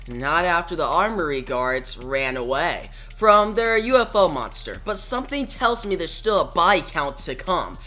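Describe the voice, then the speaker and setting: A man's voice: fairly high pitch, very animated, normal speed, hardly any pauses, bright, forceful tone. A man reading the lines of a female police detective from a comic, in a matter-of-fact way. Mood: wary.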